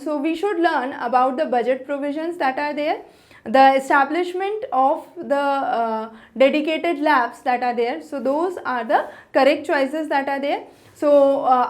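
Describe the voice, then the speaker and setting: A woman tutor explaining exam answers in a methodical way, with an Indian English accent, going through each question step by step. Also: high voice.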